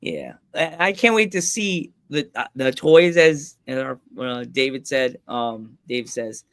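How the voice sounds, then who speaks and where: A man's voice: mid-range voice, expressive, unhurried, a bit bright. A man co-hosting a casual podcast chat, joking around and laughing often. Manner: jokey, laughs a lot, does goofy voices. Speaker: podcast co-host.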